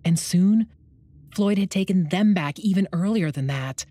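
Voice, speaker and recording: A woman giving measured, scripted documentary narration. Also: lowish voice, dark tone, no echo.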